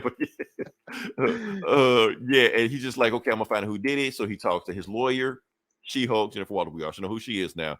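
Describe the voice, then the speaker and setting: Casual comic podcast co-host, male, lowish voice, dry close sound, rambling profane recap. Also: fairly bright tone, no echo. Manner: loose, profane storytelling with filler asides.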